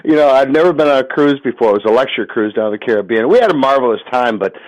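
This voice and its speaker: An older man joins the show as a guest author, chatting in an easy, jokey way. His voice sits at an ordinary pitch. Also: expressive, fast talker, dull audio. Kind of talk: casual chat as a show guest.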